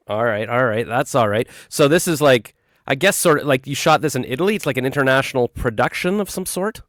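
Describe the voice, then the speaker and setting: A man hosts a casual interview, playful and teasing. His voice sits at a middle pitch. The sound is dry and close, with no room around it. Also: lively intonation, a little fast, a bit bright, no room sound. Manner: jokey, playful, teasing the guests. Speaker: interviewer host.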